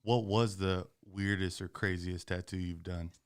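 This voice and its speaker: A man hosting a casual podcast, asking his guest questions in a relaxed, bro-ish way. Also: low-pitched, unhurried, clean tone. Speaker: podcast host.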